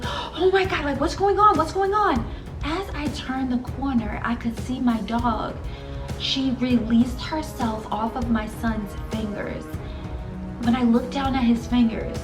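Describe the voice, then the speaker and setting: A woman's voice: fairly high pitch, creaky, roomy sound, recorded from a distance, poor audio. A young woman telling an emotional story to her viewers in a casual vlog, earnest and direct. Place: home room.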